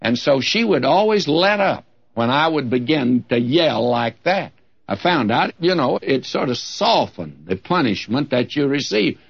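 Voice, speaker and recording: Older male preacher, lively folksy sermon. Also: medium pitch, a little slow, gravelly, husky. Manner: folksy preaching with humorous asides and lively emphasis. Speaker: pastor. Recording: dull lo-fi old sermon recording.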